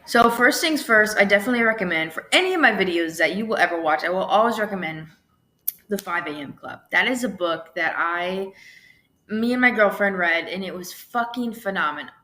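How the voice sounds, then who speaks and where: A woman's voice: mid-range voice, expressive, fairly quick, pushed and bright. A young woman hosting a casual solo podcast, talking chattily with lots of fillers and frequent swearing. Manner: chatty, swears freely, lots of "like" and "you know". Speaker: podcast host.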